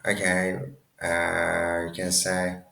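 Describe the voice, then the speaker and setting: Deep gravelly guy teaching a language class, slow and echoey. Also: completely flat delivery, sharp tone. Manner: halting, many restarts and self-corrections. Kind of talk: casual language lesson.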